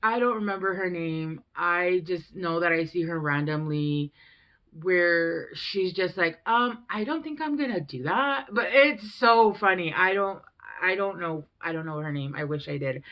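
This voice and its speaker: Young woman, tarot reader, slightly low voice, loose and chatty, curses freely. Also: measured pace, a bit bright, smooth. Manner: rambling and chatty, swears freely. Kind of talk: casual tarot reading.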